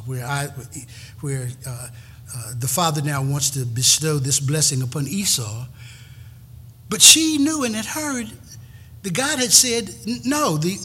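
A man's voice: fairly high pitch, pushed and bright, breathy edge. A middle-aged male pastor preaching a sermon in a folksy, emphatic way, often repeating words as he builds a point.

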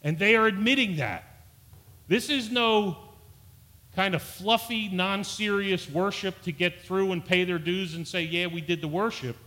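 A man's voice: sits high, unhurried, pushed and bright. A man preaching a sermon in an earnest style, stumbling over and repeating words, his voice rising for emphasis. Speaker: pastor.

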